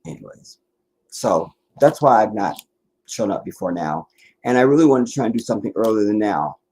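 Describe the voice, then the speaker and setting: A man's voice: lowish voice, lively intonation, a little fast, darkish tone, slightly rough. A man from the Washington DC area, tired and worn out, hosting a livestream in a rambling casual chat full of restarts and asides. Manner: meandering, many restarts and asides. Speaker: livestream host.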